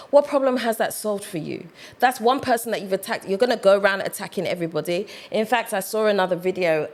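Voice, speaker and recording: Reflective woman vlogger talking it through. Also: mid-range voice. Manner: reflective, conversational, many fillers. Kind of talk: commentary vlog.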